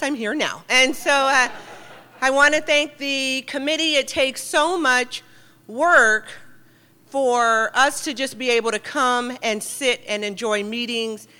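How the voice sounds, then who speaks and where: A middle-aged woman giving a lively, joking and heartfelt talk to an audience in a meeting hall. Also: on the high side. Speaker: guest speaker at a recovery meeting.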